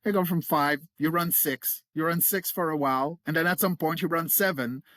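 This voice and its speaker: A man's voice: fairly high pitch, moderate pace, a bit bright, no room sound, clean studio sound. A middle-aged man, a guest on an interview, explaining vocal technique in an enthusiastic, explanatory way and laughing readily. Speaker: guest, creature voice coach.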